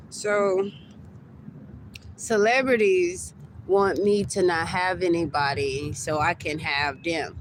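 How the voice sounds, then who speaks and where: On a livestream, a young adult woman rants in a lowish voice with fairly even intonation, taking it slowly over a faint hiss or hum. Heated and repetitive, she stumbles over her words and keeps circling back to the same complaints.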